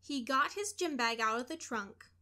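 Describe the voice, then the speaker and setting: The clip features a woman with a high-sitting voice reading a children's story aloud. She delivers it deliberately and with plenty of expression.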